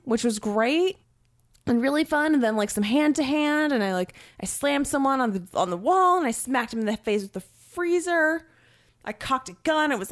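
A woman in her twenties, an actor, chatting casually with lots of swearing and big swings of pitch when she gets excited. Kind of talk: casual chat.

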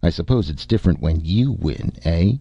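A man's voice: low voice, expressive, moderate pace, gravelly, warm tone, slightly rough, no room sound, faint music behind, heavily acted. A man voicing a proud, irritable young nobleman, in a dull lo-fi recording. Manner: irritable, touchy.

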